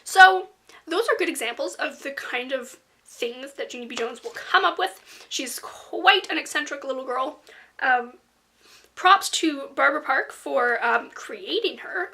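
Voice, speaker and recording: A woman chatting casually in a book review vlog, rambling with lots of fillers and slipping into soft, whispery asides. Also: sits high, animated, measured pace.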